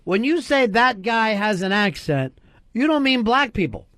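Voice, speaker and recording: Joking talk-radio host, slightly high voice. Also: male voice, big pitch swings, unhurried, a bit bright, no echo, studio quality. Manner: joking, provocative, teasing. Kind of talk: casual talk radio banter.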